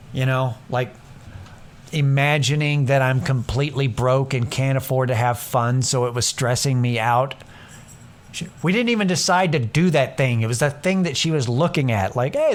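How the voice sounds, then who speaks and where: A young man hosting a casual solo podcast, rambling and self-deprecating, swearing freely and acting out what others said. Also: medium pitch. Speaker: podcast host.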